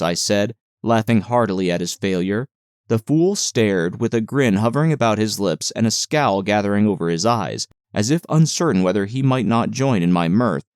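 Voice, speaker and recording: Male audiobook narrator, lowish voice, dry close studio sound, measured literary reading. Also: smooth, no echo. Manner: measured, even reading with quoted dialogue.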